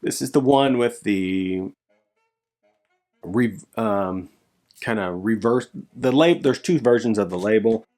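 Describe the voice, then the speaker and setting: A man talking casually on his vlog as a record collector, showing his finds and getting excited, his voice jumping up when thrilled and dropping low after. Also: slow pace, long pauses, faint music behind. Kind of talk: casual show-and-tell vlog.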